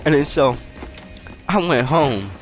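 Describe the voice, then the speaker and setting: Over gameplay with gunfire and clicks and soft background music, a young gaming YouTuber tells a loose, slangy story, laughing frequently. His voice is a little high, expressive, and slow.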